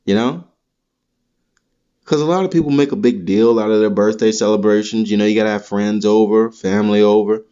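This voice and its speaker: A man's voice: fairly low pitch, brisk, clean tone. Crude ranting man, muffled lo-fi sound. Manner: rambling, crude, animated rants. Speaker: podcast host. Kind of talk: profane comedic monologue.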